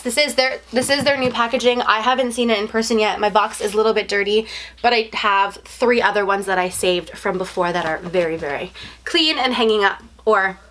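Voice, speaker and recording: A young woman vlogging an unboxing, talking casually and gushing with excitement. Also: a little high, slight background noise. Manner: gushing, breathless and effusive.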